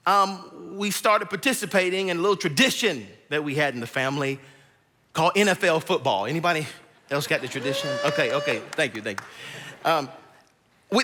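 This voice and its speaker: A man's voice: fairly high pitch, sharp tone. A man in his thirties, a guest pastor, telling a personal story in a sermon and acting out his family members' voices. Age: 30s. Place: church auditorium stage. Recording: long reverb from a large auditorium.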